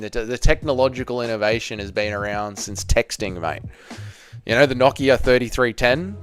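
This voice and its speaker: An Australian man in his thirties hosting a casual livestream watch-along, bantering with chat in a profane, joking way. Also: medium pitch. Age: 30s. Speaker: livestream host. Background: faint background music.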